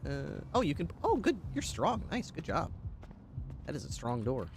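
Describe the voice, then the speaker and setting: A man's voice: fairly high pitch, wildly swooping pitch, normal speed, gravelly. A man roleplaying a police dog handler, chatting to his dog in a doting, chatty way and laughing often. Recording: game ambience and vehicle noise behind.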